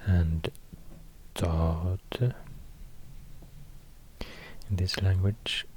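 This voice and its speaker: A man with a Swedish accent rambling quietly in soft-spoken ASMR, half-whispering and pausing often. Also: sits low, steady tone, a little hiss or hum. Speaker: ASMR creator.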